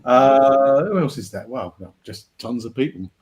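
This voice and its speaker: A man's voice: mid-range voice, animated, a little slow, crowd noise. Upbeat male co-host reading comments. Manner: upbeat, reads out viewer comments, restarts. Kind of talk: casual online show chat.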